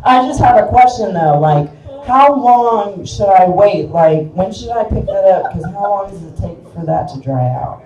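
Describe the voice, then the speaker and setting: A woman's voice: mid-range voice, expressive, normal speed, mellow, recorded from a distance, dull audio. A middle-aged woman with a Kansas accent doing a crude, self-mocking live stand-up set in a small bar. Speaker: stand-up comedian. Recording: echoey room picked up from afar.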